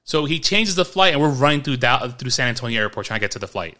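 A fast-talking New York man with a mid-range voice co-hosts a podcast, telling a story in casual chat. He's animated, acting out the quotes and laughing partway through.

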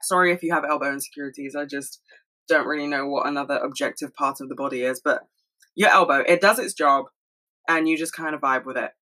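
A young woman talking fast and rambling in a casual monologue at home, swearing freely. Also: deep voice, bright, forceful tone, poor audio. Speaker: solo podcast host.

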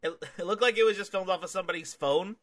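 A young man in an easygoing wrestling review chat, his voice bright and a touch high. He laughs often and jumps into animated bits acting out the wrestlers. The talk is loose, with restarts and fillers. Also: fast. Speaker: podcast co-host.

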